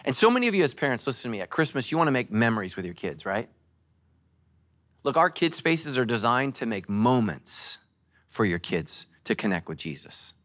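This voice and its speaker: A male pastor giving a sermon at a church service, joking and telling animated stories. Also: medium pitch, a little fast. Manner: animated, joking, storytelling preacher.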